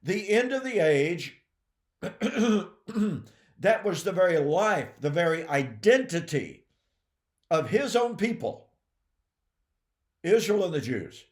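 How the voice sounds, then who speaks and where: A man giving emphatic Bible teaching, calling his listeners "folks" and often clearing his throat. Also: high voice, very animated, takes it slowly, long pauses, echoey room. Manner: emphatic, addresses listeners as folks and ladies and gentlemen.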